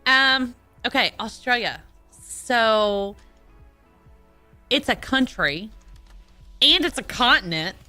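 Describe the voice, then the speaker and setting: A woman's voice: on the high side, animated, bright, forceful tone, dry recording, faint music behind. A woman from Texas co-hosting a Saturday morning radio show in a studio, talking in a playful, easygoing way. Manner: slow, playful. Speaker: radio co-host. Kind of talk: casual radio chat.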